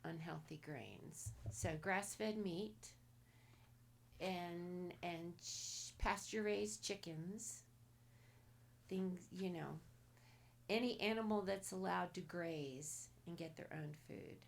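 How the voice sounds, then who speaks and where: A woman guest on a casual podcast, soft-spoken and nearly whispering at times, giving blunt advice in short commands. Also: on the low side, takes it slowly, vocal fry. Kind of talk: casual interview.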